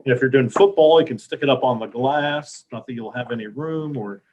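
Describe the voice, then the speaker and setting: A man's voice: mid-range voice, fairly quick, a little mellow, muffled recording, slight background noise. A man hosting an online question-and-answer session, friendly and informal, taking questions over a video call. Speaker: moderator and host. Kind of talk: casual chat hosting an online Q&A.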